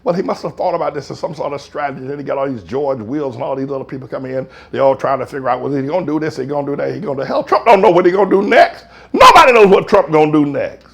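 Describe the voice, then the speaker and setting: A pastor in a heated, folksy preaching rant, swinging from shouts down to mutters. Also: male voice, fairly high pitch, expressive, fast talker, gravelly, few pauses, husky. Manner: folksy, slangy.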